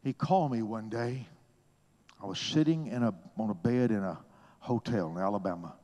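A man preaching a sermon, swinging between hushed whispers and loud, high exclamations in a husky voice. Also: normal speed.

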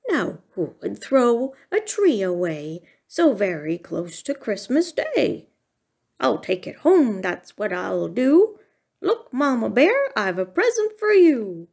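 A woman's voice: fairly high pitch, very animated, takes it slowly, gravelly, a little mellow, full character voice. A woman voicing a sleepy, good-natured papa bear in a read-aloud storybook. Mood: drowsy. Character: drowsy kindly papa bear.

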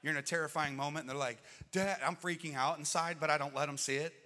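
Impassioned preacher in an echoing hall. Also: male voice, on the high side, steady tone, fast talker. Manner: dynamic preaching, swings from loud to hushed. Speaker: pastor. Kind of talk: sermon. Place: church auditorium. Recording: long reverb of a church hall.

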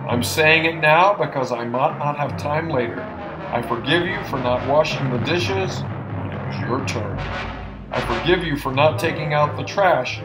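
A man voicing a loyal young male detective who speaks urgently and shouts for help, over music. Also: fairly high pitch, moderate pace, close to an everyday voice, low-quality recording. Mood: tender.

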